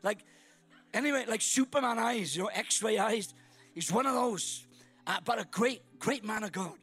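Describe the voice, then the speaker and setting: A middle-aged Welsh man from Wales preaching as a guest speaker at a church service, joking and bursting into shouts. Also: high-pitched, normal speed, husky, faint music behind. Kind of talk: sermon.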